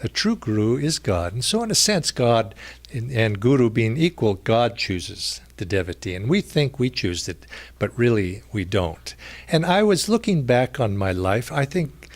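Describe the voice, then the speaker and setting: A mild, gentle man telling a personal spiritual story at a retreat, in a halting way with many restarts and fillers. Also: medium pitch, sing-song. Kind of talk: reflective storytelling talk.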